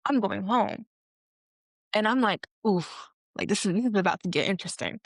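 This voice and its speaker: A woman's voice: normal speed, no echo, studio quality. A young woman co-hosting a podcast, telling a long story in casual chat and acting out the people she quotes. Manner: animated, acts out quoted people with pitch jumps. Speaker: podcast co-host.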